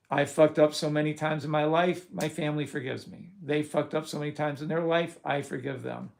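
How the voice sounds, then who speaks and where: A middle-aged man hosting a live trading stream, talking bluntly and profanely and working himself up into loud rants. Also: on the high side, fairly quick, gravelly, hardly any pauses. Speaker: trading course host. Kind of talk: live-stream talk to viewers.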